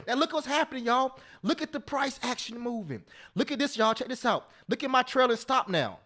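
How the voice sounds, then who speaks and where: A man with a high voice runs a live trading class. He is excitable and repeats himself, talking straight to his viewers and breaking into bits of song. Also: a little fast, few pauses. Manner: sings snatches of love songs. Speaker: options trading instructor.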